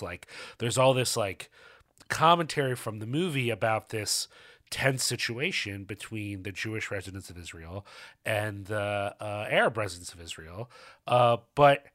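A man's voice: fairly low pitch, normal speed, a bit bright. A man co-hosting a film podcast, talking candidly and restarting sentences as he thinks aloud. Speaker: podcast co-host. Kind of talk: casual film review chat.

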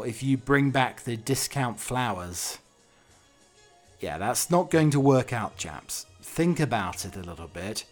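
A man hosting a podcast alone, rambling cheekily in a casual monologue with wry asides. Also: mid-range voice. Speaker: podcast host.

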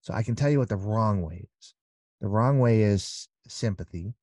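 Middle-aged guy, lowish mellow voice, dry close sound, earnest rambly chat. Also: normal speed, no room sound. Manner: earnest, rambling, acts out little scenes. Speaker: podcast guest. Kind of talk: candid conversational storytelling.

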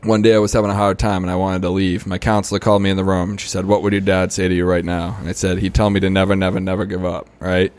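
Low, smooth-voiced man telling his story. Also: level tone, fast talker, hardly any pauses, darkish tone. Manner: storytelling with many "you know" and "right?" fillers. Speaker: podcast guest. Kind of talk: casual recovery story.

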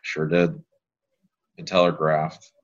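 A man in his thirties with a very low voice chats as a podcast guest. He tells loose, rambling stories in a laid-back way. The audio is a bit dull and lo-fi. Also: completely flat delivery, slow pace. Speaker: guest, pelvic health physical therapist. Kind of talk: casual podcast conversation.

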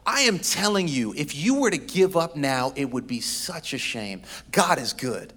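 A male pastor preaching a sermon, telling a story with a dramatic delivery that moves between loud and hushed. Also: fairly high pitch, very animated, moderate pace, breathy edge.

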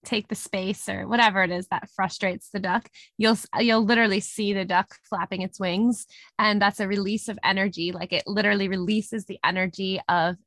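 A woman co-hosting a podcast, speaking thoughtfully in a relaxed conversation and laughing easily. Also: mid-range voice, fairly quick, dry recording, clean studio sound. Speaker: podcast co-host. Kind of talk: casual reflective conversation.

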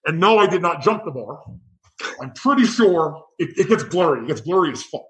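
Male bartender, high voice, profane animated storyteller. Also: brisk, rough recording. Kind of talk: casual storytelling chat.

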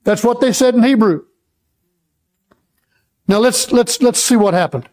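A man preaching a sermon to a congregation, reading scripture slowly and having the listeners repeat verses back to him. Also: very high-pitched, a little mellow.

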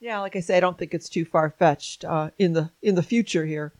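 A woman hosting an interview, friendly and quick to laugh. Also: lowish voice, a little mellow, dry recording. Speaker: interview host. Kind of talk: casual interview chat.

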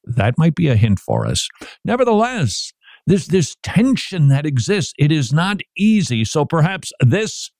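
Animated Christian radio host, man. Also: on the high side, dry recording, clean studio sound. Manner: animated, acts out parents in quoted asides. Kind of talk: Christian radio talk commentary.

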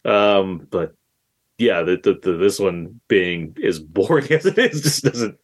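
Male podcast guest, lowish voice, blunt and casual in film chat. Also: a little slow, slightly rough. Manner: relaxed, blunt, swears casually.

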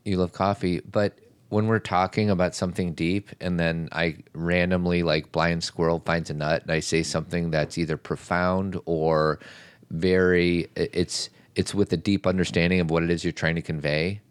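Deep-voiced playful male podcast host. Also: level tone, moderate pace, smooth, no echo. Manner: playful, joking, riffs on movie lines. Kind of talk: casual chat.

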